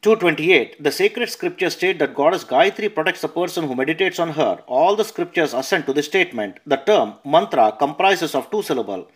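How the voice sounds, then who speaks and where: Male narrator, slightly higher pitch, measured scripture reading. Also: lively intonation, breathy edge. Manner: measured reading with verse numbers and notes, some self-corrections. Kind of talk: reading a scripture translation aloud.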